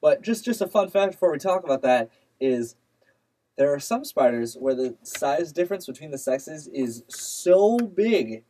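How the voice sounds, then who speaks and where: A man's voice: fairly high pitch, sing-song, a little slow, warm tone, poor audio. A man hosting a casual chat, explaining things to friends in a playful, teasing way. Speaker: podcast host explaining spider facts.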